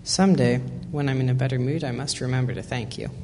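A man's voice: mid-range voice, fairly even intonation, quick pace, darkish tone, lightly acted. Guy reading a grouchy lion sighing, echoey hall, faint hiss. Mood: grudging. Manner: sighing, grudging.

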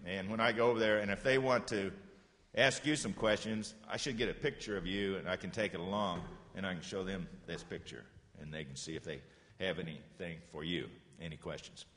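A man's voice: low voice, steady tone, a bit bright. Patient man teaching children in an echoey room. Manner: patient, encouraging, repeats phrases slowly. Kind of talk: classroom lesson for children.

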